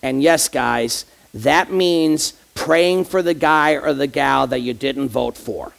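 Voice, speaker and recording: Speaking slowly in a gravelly, medium-pitched voice, a man who serves as associate pastor preaches conversationally in church. He talks directly to the congregation, asking rhetorical questions.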